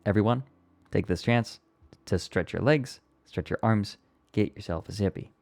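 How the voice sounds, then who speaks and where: A man hosting a casual live stream, chatty and quick to laugh, with a slightly irritated throat. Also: lowish voice, vocal fry, a little mellow. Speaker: streamer reviewing viewer submissions.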